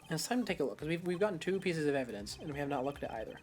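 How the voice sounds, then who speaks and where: Chatty woman streamer, low voice. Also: very animated, racing, few pauses, darkish tone. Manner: chatty, self-mocking asides. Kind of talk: let's-play commentary. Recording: faint game music behind.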